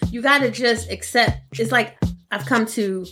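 A woman in her forties chatting casually on a podcast, animated and laughing, acting out quotes in playful voices. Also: on the high side, normal speed, over music. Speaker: podcast co-host.

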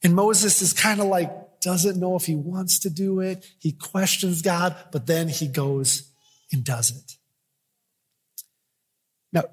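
A man preaching a sermon as pastor, swinging from loud, emphatic declarations to quiet, intimate storytelling. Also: sits high, slow pace, long pauses, in a large hall.

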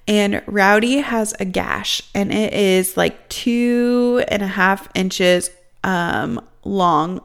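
A woman's voice: mid-range voice, clear, resonant tone. Young adult woman vlogger, mid-range voice, chatty and casual, tells a story to camera with constant "like" fillers. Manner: chatty, heavy use of "like" as filler.

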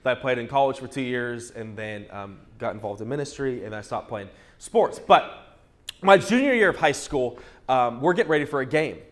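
A male pastor preaching a sermon through a humorous, animated personal story, often restarting his words. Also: medium pitch, moderate pace.

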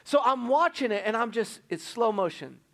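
A middle-aged man preaching, telling a personal story with animated, self-mocking humor. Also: extremely high pitch, normal speed. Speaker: pastor.

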